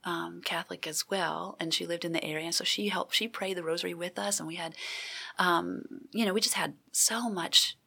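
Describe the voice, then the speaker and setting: A woman guest giving an earnest personal testimony in an interview, halting with many restarts. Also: on the low side, fairly even intonation, gravelly, sharp tone, husky.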